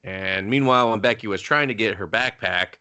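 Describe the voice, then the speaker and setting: A man co-hosts a casual movie review podcast with a bright, forward voice. He swears freely and acts out lines from the film to get laughs. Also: fairly low pitch, a little fast, smooth. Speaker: podcast co-host.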